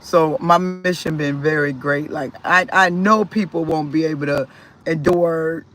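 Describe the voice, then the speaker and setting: A man vlogging casually about his life, rambling with restarts and repeated words, and swinging in loudness and pitch as he talks. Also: measured pace, soft background music. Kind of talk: casual personal storytelling.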